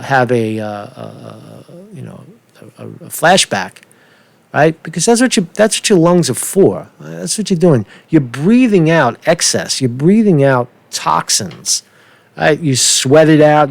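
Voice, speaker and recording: A man's voice: fairly high pitch, animated, measured pace, creaky, no echo. A man hosting a casual livestream, rambling and sarcastic, with lots of cursing. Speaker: channel host.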